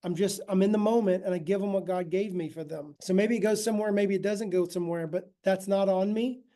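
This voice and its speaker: Mellow-voiced man teaching casually. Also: sits high, fairly even intonation, brisk. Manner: casual, checks in often with "right?". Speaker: ministry teacher. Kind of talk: conversational teaching talk.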